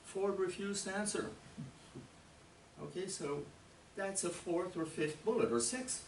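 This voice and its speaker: A man's voice: high voice, a little slow, a little hiss or hum. Emphatic man lecturing from far off. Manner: emphatic, rhetorical questions to the audience. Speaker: conference speaker. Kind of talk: lecture to an audience. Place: conference hall. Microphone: far camera. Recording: distant camera mic in an echoey room.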